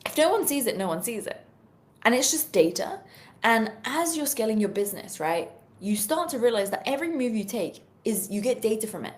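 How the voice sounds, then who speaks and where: A woman's voice: on the high side, fairly quick. A young woman with a British accent, chatting live to an online audience. She talks energetically and casually, full of "you know" and "like", as a social media sales coach. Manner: energetic, chatty, peppered with fillers. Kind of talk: live-stream talk to viewers.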